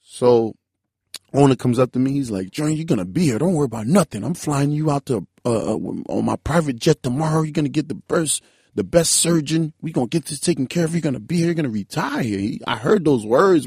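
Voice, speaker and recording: A man in his twenties telling a story in loose casual chat, animated and full of "bro" and "like". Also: on the high side, brisk, gravelly, breathy edge, no room sound, clean studio sound. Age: 20s. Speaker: podcast guest.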